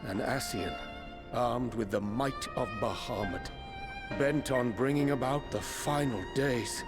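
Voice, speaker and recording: A man's voice: medium pitch, unhurried, lightly acted. Man voicing solemn archaic male mystic, ornate speech, violin music behind.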